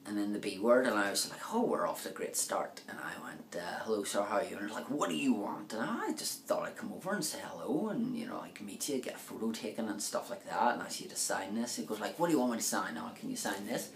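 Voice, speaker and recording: Chatty man with a gravelly low voice. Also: animated, quick pace, few pauses. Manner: rambling, chatty, many fillers, acts out quoted lines. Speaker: vlogger. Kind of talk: casual storytelling to camera. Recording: echoey room with faint ambient noise.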